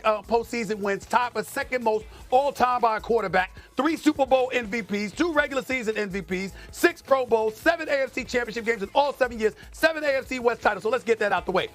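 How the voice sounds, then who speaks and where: A man's voice: very high voice, a bit bright. A man in a heated sports debate, emphatic and incredulous, repeating phrases for effect.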